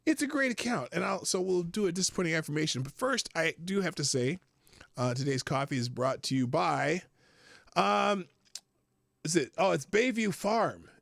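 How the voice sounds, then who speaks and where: A man's voice: on the high side, lively intonation, moderate pace, vocal fry, a bit bright, dry recording. A man hosting a casual livestream show from a small home studio, rambling, profane and chuckling often. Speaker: host. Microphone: headphones with desk mic.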